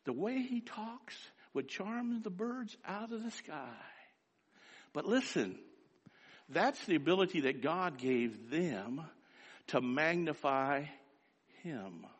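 A man preaching a sermon in a scratchy voice, swinging from quiet asides to loud, rising exhortation. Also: fairly high pitch, lively intonation, slow, long pauses, husky, in a large hall.

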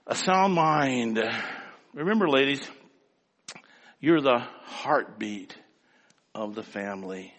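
A middle-aged male preacher delivering a sermon with personal stories, dramatic, swinging between slow emphatic phrases and quick storytelling. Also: medium pitch, expressive, fairly bright tone. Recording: reverberant hall.

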